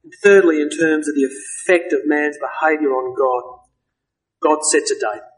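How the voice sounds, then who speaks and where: A man preaching a sermon, earnest and emphatic, slowing down to stress key words. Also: fairly high pitch, poor audio.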